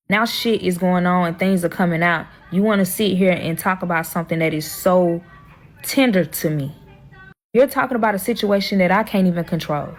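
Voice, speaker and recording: A woman telling her own drama story in a heated, profane, emotional storytime vlog. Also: lowish voice.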